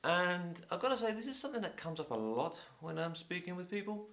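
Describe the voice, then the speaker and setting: A man's voice: sits high, fairly quick. A man from England with a Home Counties accent, an English teacher chatting casually to camera with a sore throat and blocked nose. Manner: chatty, opinionated, lively.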